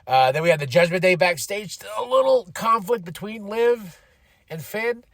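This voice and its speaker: Podcast host, male, fairly high voice, excitable and chatty, laughs a lot. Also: moderate pace, dry recording, clean studio sound. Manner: animated, laughs often, acts out quotes. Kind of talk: casual wrestling recap.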